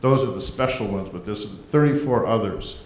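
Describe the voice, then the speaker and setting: A man gives folksy, rambling council meeting remarks as mayor. His voice sits a little low. The echoey chamber carries a faint rumble behind him. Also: moderate pace, darkish tone. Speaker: mayor presenting a proclamation.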